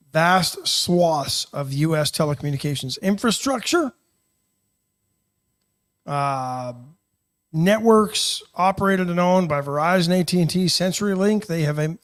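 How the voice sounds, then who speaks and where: A man co-hosting a talk radio show, chatting casually and getting animated, often restarting his sentences. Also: on the high side.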